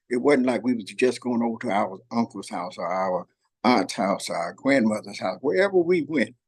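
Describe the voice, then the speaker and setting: An older man speaks in a gravelly, slightly breathy voice, sharing warm family memories in an earnest, folksy manner. He repeats phrases for emphasis as he tells his story. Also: mid-range voice. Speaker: host. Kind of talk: heartfelt storytelling chat. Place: workplace shop.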